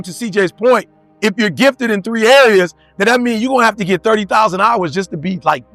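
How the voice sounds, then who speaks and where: A man's voice: sits high, fairly bright tone, no echo. A man giving a motivational talk to a live audience, firing off rhetorical questions in casual street slang. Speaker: motivational speaker.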